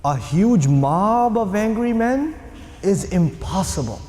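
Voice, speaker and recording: A man giving an animated religious lecture. He asks the audience questions and acts out quotes as he tells a story. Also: high voice, takes it slowly, roomy sound, long reverb tail.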